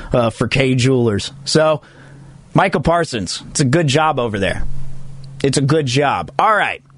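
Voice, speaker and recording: A man's voice: on the high side, dry recording. A man hosting a sports talk segment, talking casually and emphatically with jokey asides. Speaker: sports radio host.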